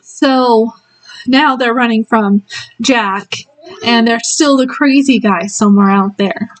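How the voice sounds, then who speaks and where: Woman going over a book plot real slow, lots of ums, bit higher voice. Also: low-quality recording. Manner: rambling retelling with many ums and giggles. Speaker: book reviewer. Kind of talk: casual spoiler book review.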